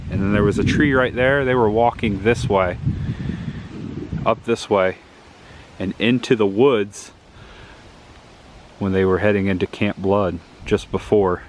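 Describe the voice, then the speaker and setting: A man's voice: fairly low pitch, slight background noise. A man narrating a casual walk-and-talk vlog outdoors in the woods, pointing things out as he goes, filmed on a handheld camera. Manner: enthusiastic, pointing things out as he walks. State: out of breath. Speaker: vlogger touring filming locations.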